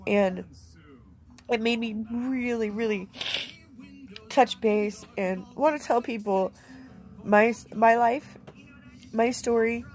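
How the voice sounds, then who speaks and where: A woman's voice: fairly high pitch, takes it slowly, pauses often, a little mellow, soft background music. A middle-aged woman vlogger speaking candidly and emotionally in a plainspoken, heartfelt way from inside a camper. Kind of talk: candid personal vlog.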